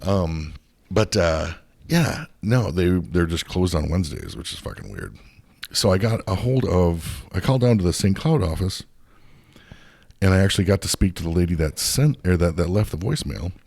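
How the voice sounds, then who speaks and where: A man's voice: low voice, big pitch swings, moderate pace, creaky, a little mellow. A man hosting a podcast, telling a long story in a heated, profane rant that rambles and restarts often. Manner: profane, heated, swears constantly. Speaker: podcast host.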